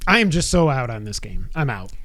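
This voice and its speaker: A man's voice: mid-range voice, very animated, brisk, a bit bright. A man co-hosting a gaming podcast, reading news items in a casual chat and adding wry, opinionated asides. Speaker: podcast co-host.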